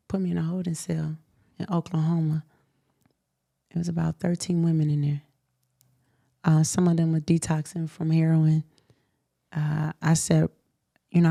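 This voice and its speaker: A young adult woman hosting a show, telling a personal story in a candid interview, animated and emphatic, laughing often. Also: low-pitched, vocal fry, dry recording, clean studio sound. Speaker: host.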